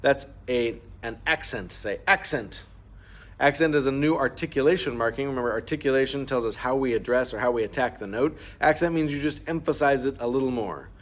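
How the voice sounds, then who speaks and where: A man's voice: mid-range voice, brisk. A man teaching a clarinet part, patiently explaining fingerings and markings and singing rhythms aloud to show them. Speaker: band teacher. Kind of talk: instrument lesson walkthrough.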